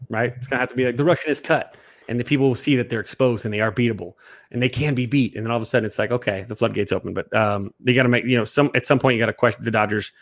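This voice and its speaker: Guy rattling off sports takes fast, kinda low voice, jokey and rambly, dry close sound. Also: no room sound. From Chicago area. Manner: rambling, jokey, quick to laugh. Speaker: sports podcast co-host. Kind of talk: casual sports chat.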